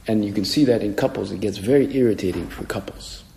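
A man's voice: lowish voice, fast talker, creaky, mellow, slight background noise. A man, a priest, preaching a homily in a conversational way and acting out the voices he quotes. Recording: echoey hall with long reverb.

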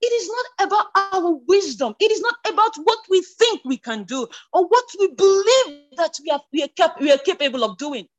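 A woman giving a spoken church testimony, stumbling over restarts, then rising to emotional, near-shouted declarations. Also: extremely high pitch. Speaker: church member sharing a testimony.

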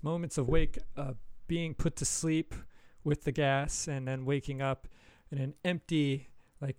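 A man's voice: mid-range voice, darkish tone, no echo. A man in his forties rambling through a casual podcast chat and laughing often while he tells stories. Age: 40s. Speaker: podcast co-host.

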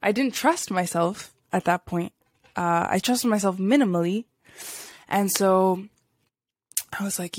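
A woman's voice: on the low side, steady tone, moderate pace, no echo, studio quality. A woman hosting a podcast, telling a spiritual story in a casual, rambling way, full of fillers and little laughs. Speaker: podcast host.

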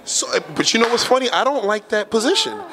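A man's voice: very high voice, very animated, fast, bright, forceful tone. A man interviewing someone and asking probing, eager questions. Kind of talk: street interview. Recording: crowd noise in background.

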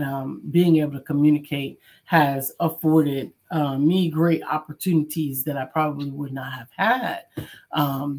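A woman co-hosting a casual livestream chat, who talks in a thoughtful, measured way and builds her points slowly. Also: low voice, darkish tone.

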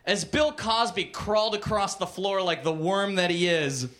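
A man's voice: high voice, normal speed, a bit bright. A man reading a crude comic story aloud on a comedy club stage, with mock-literary narration. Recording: noisy live club recording.

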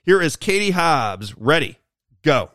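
A man's voice: a little high, big pitch swings, a little slow. A man hosting a political talk radio show, delivering an emphatic, repetitive monologue.

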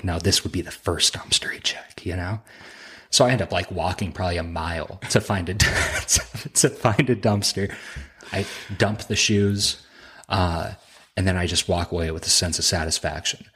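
A man's voice: low voice, fairly bright tone, breathy edge. A man on a podcast as a guest, casually telling a laugh-filled, profane story from his army days. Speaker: podcast guest, helicopter crew chief.

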